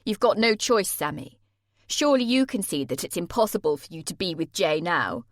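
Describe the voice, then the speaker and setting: A woman voicing a blunt, ruthless young man who speaks flatly and curtly. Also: high-pitched, moderate pace, no room sound, clean studio sound, pitched below the performer's own voice. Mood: cold. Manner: flat, curt, matter-of-fact.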